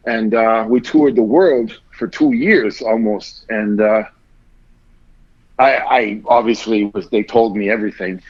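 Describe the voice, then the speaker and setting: A man's voice: on the low side, darkish tone, lo-fi sound. A man guest on a podcast telling a long story in casual talk, rambling and swearing often, acting out what others said. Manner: rambling, heavy swearing, acts out quotes.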